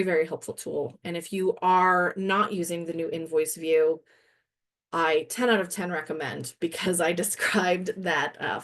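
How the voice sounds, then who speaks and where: A woman trainer walking through a software demo in a webinar, chatty and self-deprecating, laughing now and then and a little winded. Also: on the low side.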